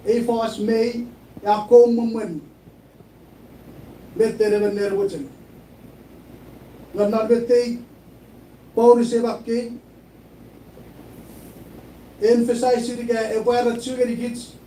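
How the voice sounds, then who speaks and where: High-voiced preaching man in an echoey room. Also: little pitch movement, slow, pauses often, warm tone. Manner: preaching, mixing English with Chuukese, repeating phrases. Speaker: pastor. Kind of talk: sermon. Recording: echoey room, mic at a distance, faint noise.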